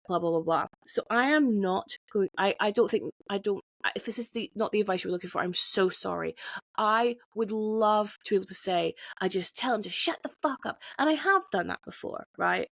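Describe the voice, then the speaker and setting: A woman's voice: medium pitch, normal speed, no room sound. A woman hosting her podcast alone, talking candidly, swearing freely and restarting her sentences often. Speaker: podcast host. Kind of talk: candid solo podcast monologue.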